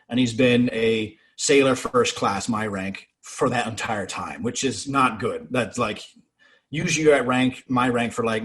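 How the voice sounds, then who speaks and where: A man, a navy sailor guest, telling profane, animated anecdotes in casual conversation. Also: on the low side. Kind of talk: casual storytelling.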